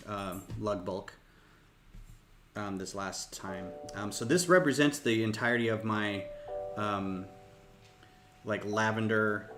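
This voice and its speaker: Low-voiced man hosting a relaxed livestream. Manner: rambling, thinking aloud while building. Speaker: host of a LEGO design livestream. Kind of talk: casual livestream chat. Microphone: desk mic, a bit farther off than usual. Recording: background music under the voice.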